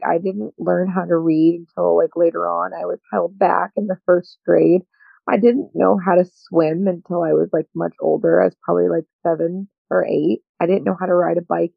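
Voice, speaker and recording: Gravelly, husky young woman, rambling. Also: lowish voice, no echo. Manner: rambling, heavy use of "like". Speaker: podcast co-host. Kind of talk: candid personal podcast chat. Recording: dull, dry lo-fi sound.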